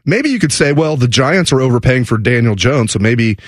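A man's voice: mid-range voice, lively intonation, brisk, dry recording, studio quality. A man filling in as co-host on a sports radio show, talking through his views in a conversational way, thinking aloud with restarts and asides. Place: radio studio.

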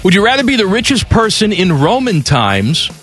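A man's voice: high voice, huge pitch swings, moderate pace, fairly bright tone, faint music behind. A man co-hosting a radio show, reading listener questions aloud and teasing his partner in casual banter.

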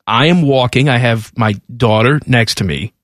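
A male radio host telling a story in a lively, emphatic, exasperated way in a studio. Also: medium pitch, normal speed, no echo. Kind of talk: animated storytelling on talk radio.

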